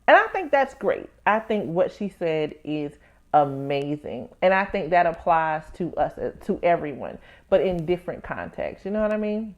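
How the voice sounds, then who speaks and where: A woman's voice: fairly low pitch, animated, normal speed, lo-fi sound. A woman hosting her own podcast as a tax professional. She talks candidly to listeners, calling them "baby" and "y'all," and acts out her own inner voices as she tells a story. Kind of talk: casual personal podcast talk.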